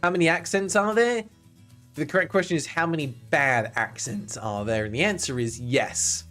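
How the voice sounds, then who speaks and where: A man streaming a video game, giving casual, excitable, jokey commentary and chatting with his viewers. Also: a little high, moderate pace, faint music behind.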